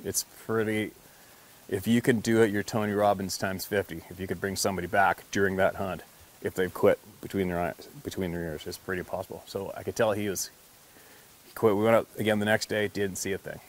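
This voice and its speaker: A man's voice: sits low, level tone, a little fast. A man who works as a hunting and fishing guide tells a hunting story casually, swearing freely and laughing as he goes.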